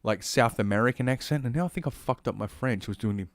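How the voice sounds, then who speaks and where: Rambling, foul-mouthed streamer, mid pitch, dead-dry mic. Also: male voice, quick pace, dry recording. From Australia. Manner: profane, rambling, heavy swearing. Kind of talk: ranting commentary stream.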